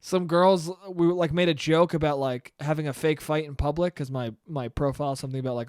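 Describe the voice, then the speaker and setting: A man's voice: a little high, steady tone, fast, few pauses, a little mellow, smooth, dry recording, clean studio sound. A young man hosting a solo podcast, ranting in a profane, rambling way and acting out quotes in mock voices. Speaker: podcast host. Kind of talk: solo comedic rant.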